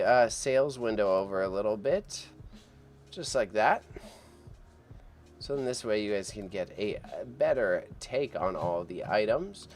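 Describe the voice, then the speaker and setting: Chatty man hosting a live auction stream. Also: mid-range voice. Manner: chatty, repeats himself, self-deprecating. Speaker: livestream auction host. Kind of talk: casual live stream chat.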